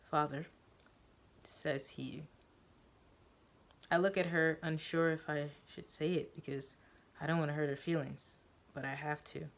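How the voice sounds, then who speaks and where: A woman narrating a first-person story in a measured, dramatic reading. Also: sits low, fairly even intonation.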